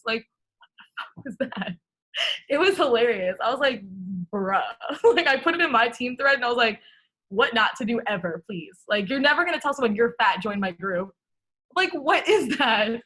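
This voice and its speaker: Bright, animated woman telling a story. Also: a little high, a little fast, low-quality recording. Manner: animated storytelling, laughing often, casual swearing. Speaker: guest coach. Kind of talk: casual chat on a team video call. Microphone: video call.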